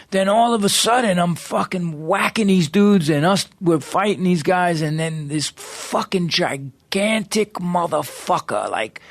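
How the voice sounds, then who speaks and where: A man with a raised, gravelly voice tells a swearing, street-tough story as a podcast guest. He is recorded dry and close in a studio. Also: on the high side, dry recording. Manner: rapid street-tough anecdote, heavy swearing. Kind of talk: profane storytelling.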